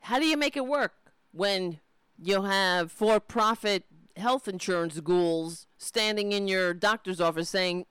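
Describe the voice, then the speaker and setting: A woman's voice: mid-range voice, measured pace, a bit bright, smooth, no room sound. A woman ranting in angry, profane, sarcastic commentary as she reacts to political clips.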